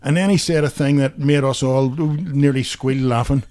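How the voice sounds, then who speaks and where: A man's voice: mid-range voice, steady tone, moderate pace, hardly any pauses, darkish tone, a little hiss or hum. A man with a Belfast accent, co-hosting a podcast and telling rambling funny anecdotes full of fillers. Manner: chatty storyteller with many fillers, laughs at own jokes. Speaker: podcast co-host. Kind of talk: casual anecdotal chat.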